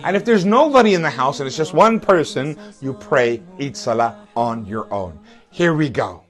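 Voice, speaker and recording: A man teaching step by step how to pray a prayer at home, calling out the takbirs loud and drawn out. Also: medium pitch, expressive, moderate pace, soft background music. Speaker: religious teacher. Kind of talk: instructional talk.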